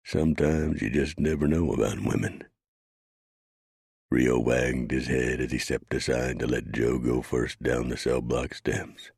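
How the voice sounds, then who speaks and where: A man reading a western audiobook in measured scripted narration. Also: very deep voice, steady tone, gravelly, a little mellow, husky, no echo, studio quality.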